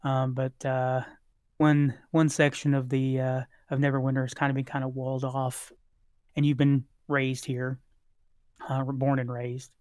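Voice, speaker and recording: A game master narrates a tabletop game casually and leans on fillers between phrases. The voice sits at mid pitch. The recording is dry and close. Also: flat delivery, a little slow, a little mellow, dry recording.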